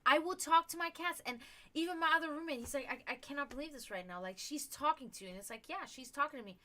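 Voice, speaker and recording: A woman hosts a casual livestream and talks in long, earnest, rambling stretches. Her voice sits high and rings bright and clear. She keeps stopping to restart her sentences and fills the gaps with little fillers. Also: fast talker. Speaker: livestream host and psychic reader.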